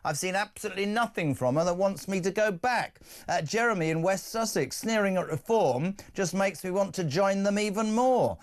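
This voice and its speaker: A man's voice: high-pitched, moderate pace, hardly any pauses. A middle-aged man hosting live talk radio, chatty and teasing as he reads out listener texts. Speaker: radio talk show host.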